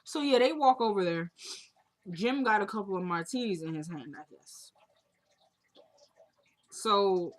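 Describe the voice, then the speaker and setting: A woman's voice: medium pitch, animated, unhurried, long pauses. A young woman casually recapping a TV drama episode, retelling scenes and quoting the characters in a chatty way.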